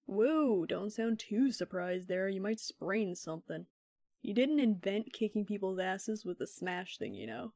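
A woman playing a deadpan ironic young guy. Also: medium pitch, unhurried, no room sound. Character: sardonic young man, ironic joker.

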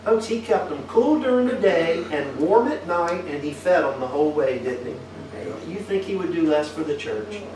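Echoey preacher with a higher voice. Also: male voice, animated, normal speed, few pauses, noisy background. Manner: asks the congregation many tag questions. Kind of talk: folksy sermon to a congregation. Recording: echoey room picked up from a distance.

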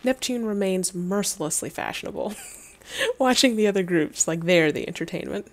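A woman's voice: medium pitch, expressive, moderate pace. A young adult woman streaming, reading a game's text aloud with wry, laughing asides and casual swearing.

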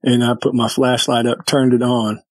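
Guy telling a story on a podcast, acts out who said what, kinda raspy, dry sound. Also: mid-range voice, little pitch movement, moderate pace, no room sound, low-quality recording. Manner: vivid storyteller acting out exchanges. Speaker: podcast guest. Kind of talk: casual storytelling.

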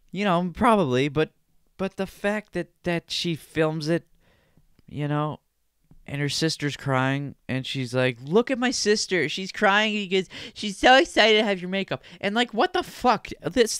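A man's voice: a little high, a bit bright, smooth, dry recording, clean studio sound. A man hosting a podcast, ranting with exasperated, profane commentary about a video and mocking the people in it. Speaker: podcast host.

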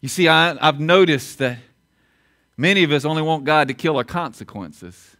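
Bright high-voiced preaching man. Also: moderate pace. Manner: emphatic preaching with repeated lines and sharp drops in volume. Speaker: pastor. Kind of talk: sermon. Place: church auditorium.

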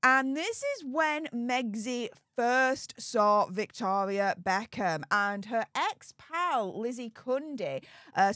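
A woman's voice: on the high side, fairly bright tone, dry recording, clean studio sound. A woman hosting a casual celebrity gossip commentary, chatty and dramatic, drawing out words for emphasis. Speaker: commentary channel host.

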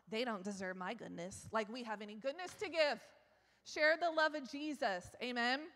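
A woman preaching a sermon in a church, chatty and self-mocking, laughing often and rising to loud exclaims. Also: a little high. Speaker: guest preacher. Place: church sanctuary. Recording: long church hall reverb.

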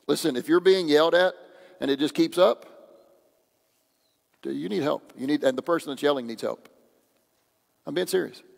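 A man's voice: on the high side, normal speed, gravelly, pauses often. A man preaching a sermon as pastor, in a conversational, joking way. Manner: conversational, joking, acts out quoted voices. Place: church sanctuary. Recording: long church hall reverb.

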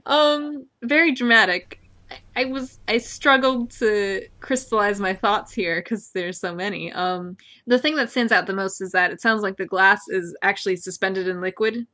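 A woman's voice: mid-range voice, moderate pace, sharp tone. A woman co-hosting a casual book-discussion podcast, sarcastic, reading passages aloud with mock drama. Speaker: podcast co-host.

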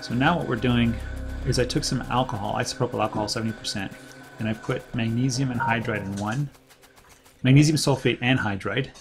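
A man's voice: mid-range voice, a little fast, creaky, over music. A man hosting a let's play, casually thinking aloud and rambling as he plays. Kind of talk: casual gameplay commentary.

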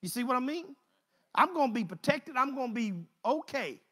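A preacher man with a high-pitched, bright voice. He preaches with lively swings of pitch, rising to loud exclamations and dropping to low, quiet asides. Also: normal speed. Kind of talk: sermon.

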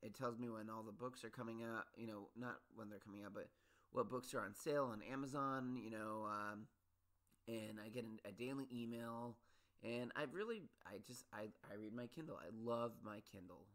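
A man's voice: on the low side, moderate pace, fairly bright tone. A man hosting a solo podcast, ranting about his pet peeves in a rambling, restless way, with many restarts and sudden exasperated peaks. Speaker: podcast host.

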